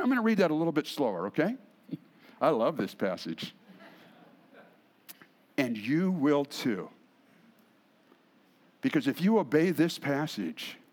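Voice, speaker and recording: Male pastor, high voice, expressive sermon delivery with emphatic and hushed turns. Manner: expressive preaching, swings between emphatic and hushed.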